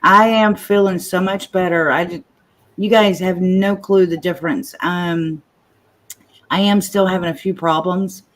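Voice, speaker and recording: A woman's voice: lowish voice, steady tone, measured pace. Chatty woman host, livestream chat, a slight stutter.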